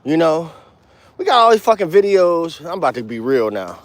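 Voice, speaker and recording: A man teaching bass in a casual walk-and-talk outdoors, talking blunt street slang with cursing and counting beats out loud. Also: sing-song, moderate pace. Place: outdoors, walking.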